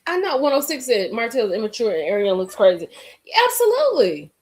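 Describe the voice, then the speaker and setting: A woman with a fairly high voice hosts a casual live-stream chat. She talks straight to her viewers in an animated way and hammers her points home by repeating them. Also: fairly quick. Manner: emphatic, repeats lines for effect.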